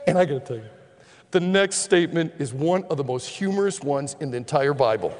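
A male preacher giving a sermon as an animated storyteller who acts out the scenes and drops to a hushed tone for appeals. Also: fairly high pitch, a little fast. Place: church hall. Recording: long hall reverb.

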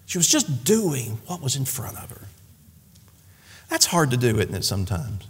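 A pastor preaching a sermon from the pulpit, folksy and animated, with playful asides. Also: male voice, medium pitch, normal speed, husky, long reverb tail. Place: church sanctuary.

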